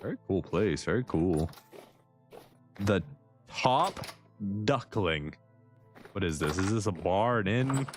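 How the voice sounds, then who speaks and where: A man's voice: sits low, expressive, slow pace, long pauses, over music. A man streaming a survival game live, chatting and joking at the characters. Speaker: livestreaming gamer. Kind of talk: live gameplay commentary.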